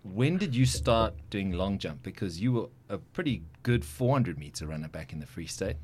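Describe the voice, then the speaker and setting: Guy hosting a chill podcast, lowish voice, jokey and chatty. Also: very animated, normal speed, a little mellow. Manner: joking, chatty, self-correcting. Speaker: podcast host. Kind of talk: casual interview chat.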